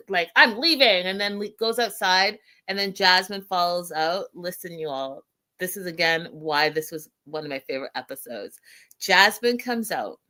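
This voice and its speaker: A woman hosting a casual reality TV recap, telling scenes with animated retellings and frequent laughter. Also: fairly low pitch. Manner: animated storyteller, acts out quotes, laughs often. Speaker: host.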